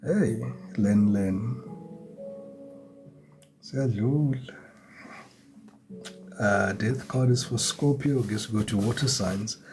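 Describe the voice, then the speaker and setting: A man's voice: lowish voice, slow, long pauses, a little mellow. A man giving a chatty live tarot reading, greeting viewers and chuckling often. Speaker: tarot reader. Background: music.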